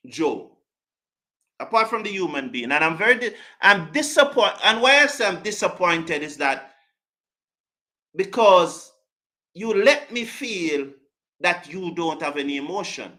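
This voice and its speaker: His voice sits high, very animated, pushed and bright, yet he keeps a measured pace with long pauses. Hosting a cricket live stream, he responds to chat comments passionately, stressing his points and repeating himself a lot.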